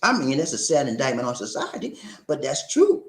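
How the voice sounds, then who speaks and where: Animated preachy man in an echoey room. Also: mid-range voice, a little fast. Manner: animated, preachy, laughs often, repeats phrases. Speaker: livestream host reading viewer comments. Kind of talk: casual livestream chat.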